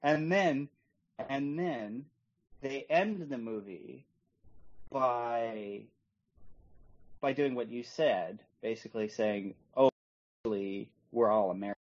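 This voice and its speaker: Casting: male co-host, unhurried halting delivery, muffled lo-fi recording. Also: medium pitch. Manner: slow, hesitant, full of restarts. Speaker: podcast co-host. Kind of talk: casual movie review chat.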